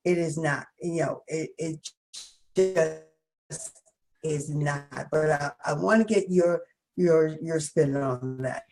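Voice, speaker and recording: A woman co-host with a lowish voice who speaks slowly and deliberately. She reads out each point and then states her opinion firmly. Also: darkish tone, soft background music, low-quality recording. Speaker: talk show co-host. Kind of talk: casual talk show chat.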